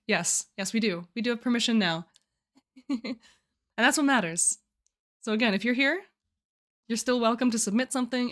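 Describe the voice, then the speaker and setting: A young woman with a mid-range, slightly bright voice streams live, walking through her writing challenge. She chats casually, giggles often and restarts phrases.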